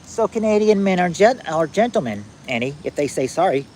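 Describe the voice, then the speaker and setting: A man's voice: sits high, big pitch swings, darkish tone, slight background noise, low-quality recording. Man hosting a trivia livestream outdoors. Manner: halting and repetitive, restarting phrases, drawling out answers. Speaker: livestream game host. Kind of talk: casual livestream hosting, reading chat answers aloud. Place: outdoors at night in the wind. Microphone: phone.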